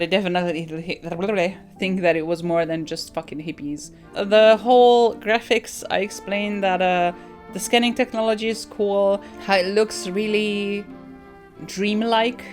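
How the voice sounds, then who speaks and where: A woman's voice: medium pitch, fairly even intonation, a little slow, soft background music. A woman game streamer casually reviewing a game she just finished, thinking aloud with many fillers and restarts.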